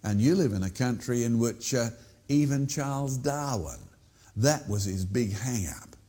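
A man talks to the viewer in a lively storytelling way, his pitch rising and falling a great deal. His voice has a husky edge, and he often breaks off to ask the listener a question. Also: unhurried. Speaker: creationist presenter. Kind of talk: informal outdoor teaching talk.

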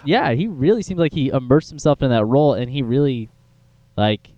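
A man's voice: mid-range voice, animated, brisk, no room sound, muffled recording. A young man casually chatting about a film, rambling with lots of fillers. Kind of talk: casual film review chat.

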